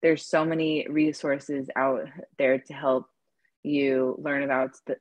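A woman's voice: a bass voice, little pitch movement, slow pace, no echo. A woman who stutters, speaking as an advocate on an online panel, with repeated words and restarts.

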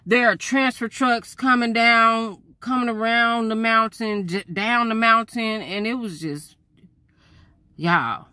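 Lady doing a storytime, real animated, bright voice, dry sound. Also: mid-range voice, no room sound. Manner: lively, chatty, talks straight to viewers. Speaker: vlogger telling a story.

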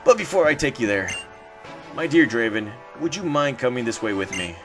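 A gracious, heartfelt female champion from a video game, as a man reads her lines aloud in his own voice. The reading trips and restarts often, with lively ups and downs in pitch and clear game music underneath. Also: moderate pace, lightly acted. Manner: reads game dialogue aloud, stumbling over words.

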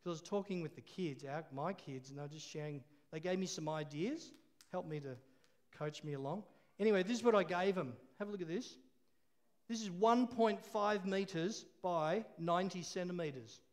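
High-voiced preacher. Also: male voice, normal speed. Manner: storytelling, with laughs and call-and-response. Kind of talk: sermon.

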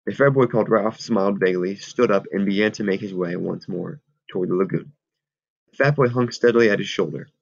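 A man reads a novel aloud in a steady, measured way. His voice is low with a gravelly fry, and the recording sounds dull and lo-fi. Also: no echo. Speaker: audiobook reader.

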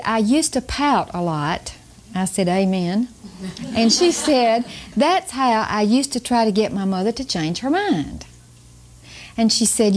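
An older woman teaching about parenting, telling family stories to an audience in a slow, emphatic way with chuckles. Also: a little high. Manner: warm storytelling, slow emphatic delivery with chuckles. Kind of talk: storytelling talk to an audience.

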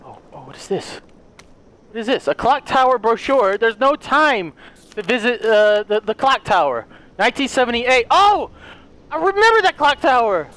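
High-voiced excitable male gamer, lively delivery over game music, taunts and yelps. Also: normal speed. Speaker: gamer playing a horror game. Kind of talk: let's play commentary.

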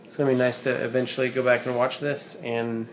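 Young man, casual travel vlog host, jokey and rambling, mid-range voice, clear background noise on a handheld recording. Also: medium pitch, flat delivery, a little fast. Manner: joking, chatty, rambling. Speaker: travel vlogger. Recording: handheld camera with ambient noise.

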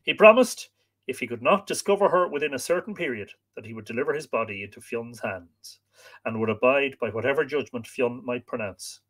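A man's voice: mid-range voice, expressive, fairly quick, fairly bright tone. A man, host of a live stream, reading an old story aloud and chatting with viewers between passages.

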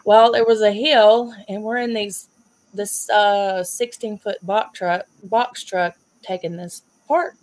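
A woman with a Southern US accent, hosting a stream and telling stories in a casual, animated way, laughing often. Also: medium pitch, takes it slowly. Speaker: host. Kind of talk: casual storytelling chat.

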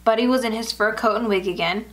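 A woman narrating a first-person horror story aloud in an even, measured way. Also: fairly high pitch.

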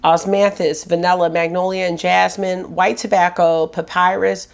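A woman's voice: lowish voice, level tone, moderate pace, creaky. A woman vlogger giving a casual, enthusiastic fragrance review, chatting and listing scent notes. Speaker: beauty vlogger.

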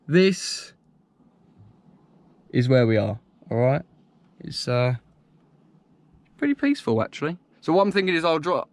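A young man chatting casually to camera while driving and then outdoors, excitable and swearing freely. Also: medium pitch. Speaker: vlogger. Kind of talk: casual driving vlog chat. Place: in a car, then outdoors by a reservoir. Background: car and road noise.

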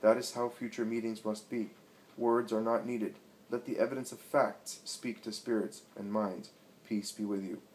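Jesus speaks in a low, solemn, forceful voice, a commanding teacher in a storybook reading. He declaims every line with grave authority, a man reading him out. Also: fairly even intonation, normal speed, a little hiss or hum, close to an everyday voice, rough recording. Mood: gentle.

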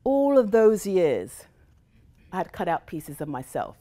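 A woman's voice: fairly low pitch, sing-song, measured pace, mellow. A middle-aged woman who grew up in the United States, giving a motivational talk to a live audience and telling stories animatedly, slipping into the voices of people she quotes. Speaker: guest speaker.

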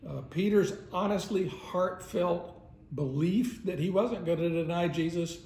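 A man's voice: sits high, a little slow, gravelly, a little mellow. A man teaching a Sunday school lesson in a casual, conversational way, often chuckling as he retells the story. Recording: roomy echo.

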